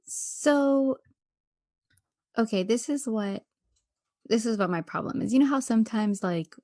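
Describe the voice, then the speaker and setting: A woman's voice: on the high side, measured pace, dry recording, studio quality. A woman co-hosting a podcast, chatting casually and animatedly about a reality show and acting out scenes from it. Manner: animated, acts out quotes from the show. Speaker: podcast co-host. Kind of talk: casual reality-TV recap chat.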